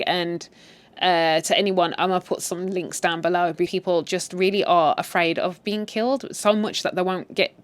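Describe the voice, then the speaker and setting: A woman casually retelling a drama series in a chatty, candid way, often saying "like". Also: on the low side. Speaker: series recap host.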